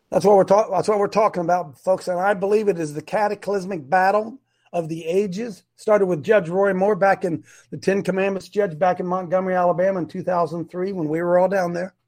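A middle-aged man hosting a live online show, preaching emphatically and repeating his points. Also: sits high. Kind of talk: fiery preacher-style live stream talk.

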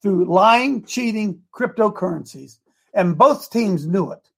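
A man hosting a political talk show, raspy and gravelly, preaching with fiery conviction and folksy slang. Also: high-pitched, expressive, takes it slowly. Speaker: host.

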